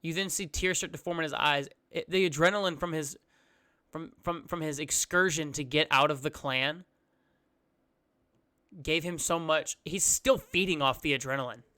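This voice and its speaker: A man running a tabletop game, narrating each scene for his players. His voice is bright and crisp and sits a little high. He backtracks and restarts mid-sentence now and then. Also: moderate pace. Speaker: game master.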